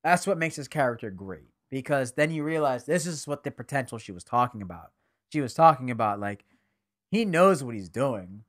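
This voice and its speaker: A young man co-hosting a casual anime podcast, animated and profane, often acting out characters' lines. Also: mid-range voice, moderate pace. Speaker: podcast co-host. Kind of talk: casual anime review chat.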